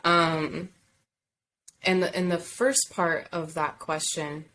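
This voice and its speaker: A young woman chatting as a podcast guest, bubbly and quick to laugh. Her voice sits on the low side for a woman, and she drifts into thoughtful, sincere answers. A faint hiss runs under the recording. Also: steady tone, poor audio. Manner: bubbly, laughs often, warm reflective answers. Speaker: voice actor guest. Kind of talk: casual podcast interview.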